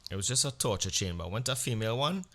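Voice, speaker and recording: Man, podcast host, crude comic storyteller, bright voice, animated. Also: rapid-fire. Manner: animated storyteller, acts out exchanges with sudden jumps in pitch and volume; blunt and crude.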